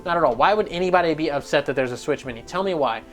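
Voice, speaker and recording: A man rants through gaming news at a rapid clip, swearing freely and joking as he goes. His delivery is loose and animated, with faint music playing softly behind him. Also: a little high. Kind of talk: casual news rant.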